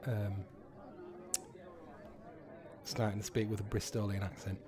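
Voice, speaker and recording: A man in his thirties hosting a live pub quiz, chatty and sweary, repeating each question slowly. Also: lowish voice, little pitch movement, a crowd in the background.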